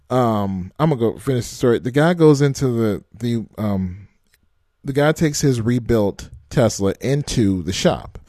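A man's voice: medium pitch, dry recording, studio quality. A man ranting casually to his trucking audience, blunt and profane, mocking them and laughing often. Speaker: trucking vlogger. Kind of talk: casual rant to camera.

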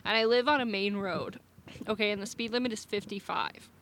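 A woman in a casual podcast chat, blunt and quick to laugh. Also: mid-range voice, fairly bright tone, a little hiss or hum. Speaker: guest.

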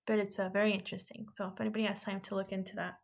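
Rapid-fire and gravelly, this thirties-something woman from California co-hosts a podcast with a flat delivery. She spins stories in casual chat and slips into a higher voice when acting out quotes.

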